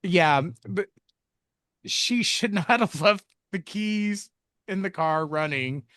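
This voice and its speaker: A man's voice: high voice, takes it slowly, fairly bright tone, dry recording, clean studio sound. A man co-hosting a film review podcast, recapping the plot in a rambling, jokey way with self-mocking asides. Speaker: podcast co-host reviewing films. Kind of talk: casual chat recapping a movie plot.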